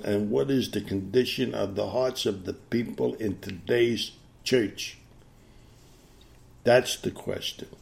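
A male preacher delivering a sermon in a gravelly, somewhat low voice. He hammers his points home, repeating key phrases and firing off rhetorical questions at the congregation. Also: darkish tone.

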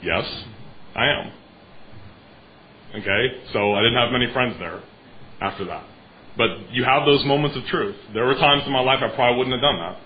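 A man preaching a sermon in an earnest, emphatic way, now and then clearing his throat. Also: mid-range voice, a little fast, lo-fi sound, slight background noise.

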